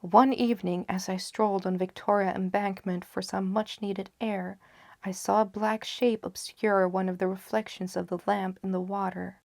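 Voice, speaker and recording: A woman narrating a gothic tale in a low, hushed voice that often drops into a half-whisper. Her pitch sits in an ordinary middle range, and the recording is close and dry with no room sound. She lingers over phrases for dramatic weight. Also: flat delivery, normal speed, vocal fry, no room sound. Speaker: audiobook narrator. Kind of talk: gothic story reading.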